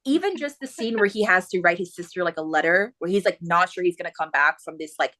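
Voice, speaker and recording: A young adult woman hosting a podcast, chatting in a lively way, laughing often and acting out the book's characters in quick voices. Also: fairly low pitch, dry recording. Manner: animated retelling with many voices, laughing often. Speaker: podcast host. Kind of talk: casual chat.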